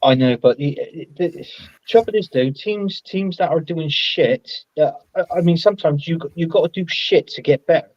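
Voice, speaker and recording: A man's voice: a little high, normal speed, darkish tone, no echo, highs cut off. A man talking casually as a guest on a livestream, rambling and hesitant. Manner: rambling, hesitant, many restarts and fillers. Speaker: guest co-host.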